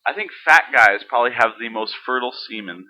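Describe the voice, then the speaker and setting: A man chatting on a podcast, offering offbeat theories in a deadpan way. His voice moves around a lot in pitch. It has a very bright, sharp tone. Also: fast, low-quality recording. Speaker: podcast co-host. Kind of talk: casual chat.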